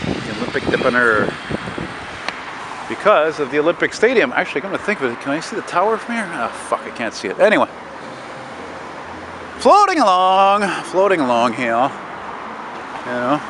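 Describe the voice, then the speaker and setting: A man's voice: medium pitch, big pitch swings, fairly quick, pauses often. Rambling, swearing man walking a city street. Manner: rambling, swears often, chats to viewers. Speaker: vlogger. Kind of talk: casual walking vlog narration. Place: outdoors on a city street at dusk. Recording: street noise and passing cars. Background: street traffic.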